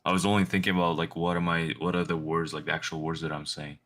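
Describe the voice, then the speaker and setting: A young man with a very low, deep voice and a bright, forceful edge, chatting casually about sales work. He delivers everything in an even monotone. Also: fast talker. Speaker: sales rep. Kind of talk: casual chat.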